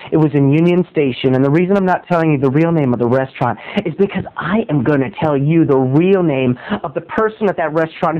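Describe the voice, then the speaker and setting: A man with a high-pitched voice tells a comic story in an animated, dramatic, self-mocking way. He plays up his own frustration for laughs. The recording is dull and lo-fi. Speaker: video blogger.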